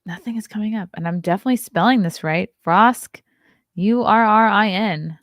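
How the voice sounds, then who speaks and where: At a moderate pace and medium pitch, a woman hosts a morning livestream show in clean studio sound with no room sound. She keeps it casual, reading headlines aloud, adding sarcastic asides, and sometimes dropping into a whisper.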